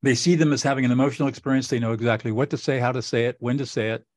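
A man's voice: medium pitch, steady tone, rapid-fire, a little mellow, no room sound. Give me a middle-aged man hosting an interview, earnest and instructive, in a dry, close recording. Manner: earnest, instructive, repeats phrases for emphasis. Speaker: podcast host. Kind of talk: conversational interview.

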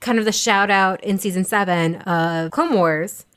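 A woman's voice: medium pitch, measured pace, a bit bright, clean tone. Chatty enthusiastic woman on a podcast. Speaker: podcast co-host. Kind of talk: casual podcast discussion.

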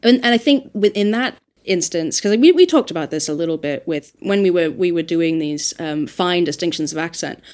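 A woman's voice: fairly low pitch, animated, normal speed, hardly any pauses, darkish tone. Earnest woman dialect coach thinking aloud. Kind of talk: podcast conversation.

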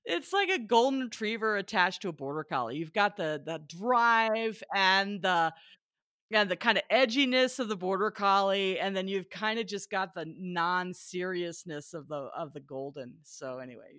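A woman dog trainer in casual chat, talking in a chatty, lively way and laughing often. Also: mid-range voice, moderate pace, no echo, clean studio sound.

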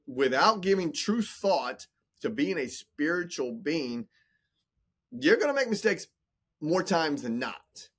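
A husky, higher-pitched man in his forties, a business coach and entrepreneur, speaks as a guest in a casual podcast interview. He's emphatic and motivational and often repeats words.

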